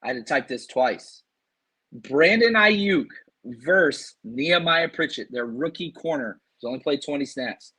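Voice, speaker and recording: Man, podcast host, husky, worn-out voice, amped up, animated fan talk. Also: fairly high pitch, unhurried. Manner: hyped, animated, reads fan super chats. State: losing his voice from screaming. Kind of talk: excited sports podcast talk.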